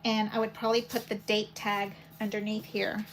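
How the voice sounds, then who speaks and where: Her voice is mid-range and moderately paced as she hosts a paper crafting video from home. She chats casually, rambles, and narrates her thoughts while she works. Audio is poor, with steady noise in the background.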